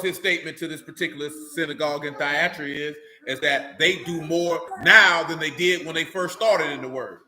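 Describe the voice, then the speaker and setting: A man's voice: a little high, fairly quick, hardly any pauses, sharp tone, poor audio. A man delivering an informal sermon, mixing blunt street slang with scripture reading and questions to his listeners. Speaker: teacher of a religious assembly.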